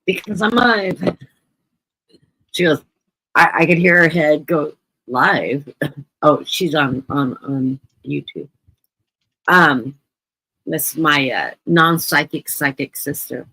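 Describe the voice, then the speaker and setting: A woman's voice: low-pitched, slow pace, vocal fry, long pauses, pushed and bright, husky, no echo, low-quality recording. A woman giving a chatty live-stream tarot reading, often repeating words for emphasis. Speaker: guest tarot reader. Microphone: computer mic on a live stream.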